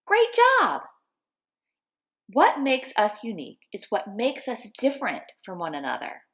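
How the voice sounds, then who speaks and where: A woman's voice: medium pitch, big pitch swings, moderate pace. Woman, kids' video voice-over, encouraging, voice swooping widely. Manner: bright, encouraging. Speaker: kids class narrator. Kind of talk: upbeat instruction for children.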